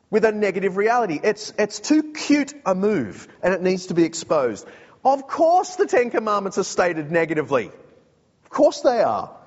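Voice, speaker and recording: A man with an Australian accent preaching a sermon, animated and joking, putting on mock voices to make his point. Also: sits high, big-room sound, highs cut off.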